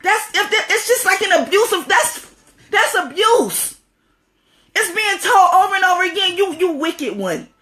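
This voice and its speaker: A woman with a high-pitched voice delivers an impassioned spiritual talk. She is emphatic and preachy, hammering her points home by repeating phrases for stress. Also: normal speed, pushed and bright.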